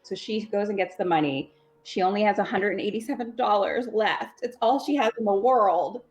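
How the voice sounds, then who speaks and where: A woman's voice: medium pitch, moderate pace, soft background music. A woman co-hosting a livestream, casually retelling a horror episode with profanity and laughter. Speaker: co-host and storyteller. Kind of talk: casual comedic story retelling.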